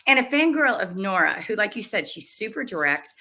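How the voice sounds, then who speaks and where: A woman's voice: mid-range voice, very animated, brisk, crowd noise. A middle-aged woman hosting an interview, chatting casually and enthusiastically, laughing often. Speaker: podcast host.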